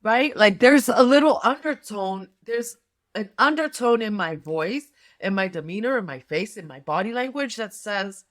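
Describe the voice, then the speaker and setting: A woman's voice: mid-range voice, expressive, moderate pace. A middle-aged woman doing a tarot reading, talking casually in a rambling way with many fillers and restarts. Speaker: tarot reader and nurse health coach.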